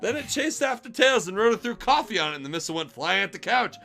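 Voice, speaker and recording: Man, streamer, comic reading, high voice, bright, very lively pitch, mocking. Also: quick pace, gravelly, faint music behind. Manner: laughing, mocking, animated.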